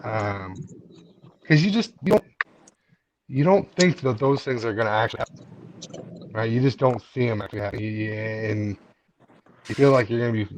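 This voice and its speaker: A man hosting a live stream in casual chat, talking in a candid, earnest way. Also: fairly low pitch. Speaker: livestream host. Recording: muffled lo-fi stream with background noise.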